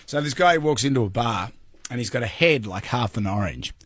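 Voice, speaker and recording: A man's voice: mid-range voice, animated, fairly quick, fairly bright tone, husky, no echo, studio quality. Man rambling through a joke. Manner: casual, rambling delivery. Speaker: joke teller. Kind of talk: storytelling a joke.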